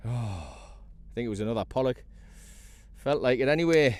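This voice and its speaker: A fishing vlogger from North East England, an excitable man out in a kayak at sea, keeps up a casual running commentary while he fishes. He's chatty and talks to the fish. His voice is medium in pitch at a normal speed, and the recording is dry.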